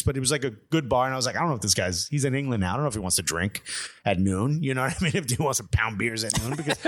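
A young man co-hosting a casual show, telling a story with lots of laughter and acted-out quotes. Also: mid-range voice. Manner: animated storyteller, laughs often, acts out quotes. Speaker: podcast co-host. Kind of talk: casual chat.

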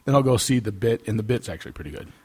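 Lively, husky middle-aged man cracking jokes. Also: lowish voice. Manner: wisecracking, quick asides and jokes. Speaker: podcast co-host. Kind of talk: casual chat.

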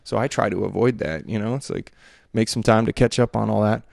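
A man's voice: fairly low pitch, fairly even intonation, brisk, gravelly, darkish tone, dry recording, studio quality. A man in his thirties talking through his thoughts in a rambling, hesitant monologue full of fillers and restarts. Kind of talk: reflective solo monologue.

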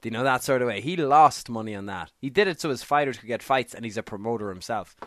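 A man's voice: medium pitch, expressive, fast talker, a bit bright, dry recording, clean studio sound. A man co-hosting a podcast in casual chat, who keeps adding "do you know what I mean?". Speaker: podcast co-host.

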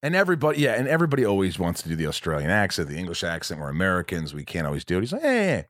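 Deep-voiced guy rambling on his podcast at home, keeps restarting sentences, dry close sound. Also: animated, very fast, fairly bright tone, dry recording. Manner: rambling, lots of restarts and self-corrections. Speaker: podcast host. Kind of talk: casual podcast chat.

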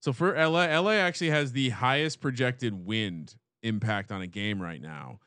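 A man co-hosting a sports betting show, rattling off stats with playful catchphrases and quick self-corrections. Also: mid-range voice, animated, a bit bright, clean tone, no room sound, clean studio sound. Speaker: sports betting podcast co-host. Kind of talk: casual sports betting chat.

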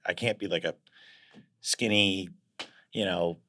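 A man's voice: sits low, fairly even intonation, slow pace, pushed and bright. A man being interviewed as a guest actor, talking in a reflective, casual way and searching for words as he goes.

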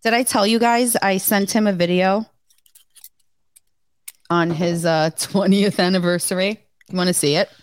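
A middle-aged woman in casual podcast chat, an animated storyteller who laughs often. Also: medium pitch, normal speed, pauses often, dry recording. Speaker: podcast co-host.

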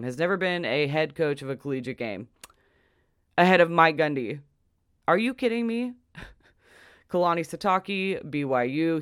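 A young man rants casually about a sports poll with exasperated, emphatic energy. His voice sits a bit high and sounds smooth and clear. The recording is close and dry, and his pitch leaps up whenever he hits a punchline. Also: fairly bright tone, no room sound. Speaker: sports commentator.

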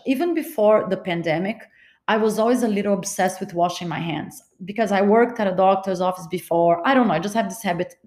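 A woman's voice: mid-range voice, reverberant. Candid woman telling a personal story. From Los Angeles, California. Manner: candid, wry, confiding. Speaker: podcast host.

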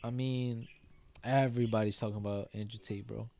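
A young man in his twenties co-hosting a podcast, chatting casually with slang and frequent swearing, getting animated in his rants. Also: mid-range voice, a little fast, vocal fry. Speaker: podcast co-host. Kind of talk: casual chat.

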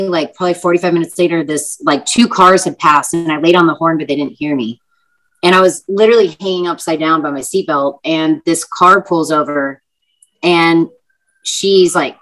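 A woman's voice: deep voice, a bit bright, poor audio. A young woman, an actress and singer, telling stories in a casual chatty interview, full of fillers and vivid retelling.

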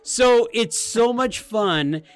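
A man in his thirties, a podcast co-host, chatting casually and acting out game moments with loud outbursts. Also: slow, clear, resonant tone, faint music behind. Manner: animated, acts out game moments in loud high voices. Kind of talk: casual chat.

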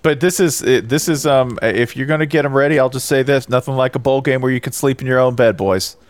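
A man playing a laid-back college football coach, answering in a rambling, hesitant, deadpan way during a comedic bit in a casual chat. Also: mid-range voice, fairly quick, no echo, close to an everyday voice.

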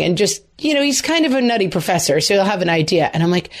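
A woman in her forties co-hosting a podcast, telling stories in a playful, animated way. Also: mid-range voice, fast talker, hardly any pauses. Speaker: podcast co-host. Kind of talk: casual chat.

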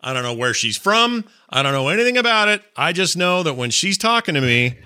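A man's voice: on the high side, sing-song, fairly quick, sharp tone, clear, resonant tone, no echo. Dry-voiced enthusiastic man. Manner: enthusiastic, rambling with restarts. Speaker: podcast host reviewing a game. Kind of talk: casual chat.

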